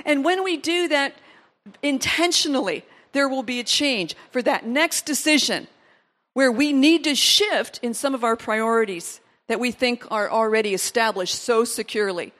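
A woman's voice: high voice, moderate pace. A woman pastor preaching a sermon, telling stories and acting out the voices of people in them. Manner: storytelling, animated, acts out quoted voices.

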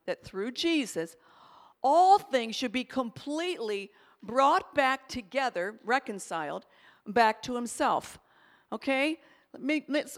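A woman preaching a sermon with an emphatic, expressive delivery, swinging between loud and hushed. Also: on the high side.

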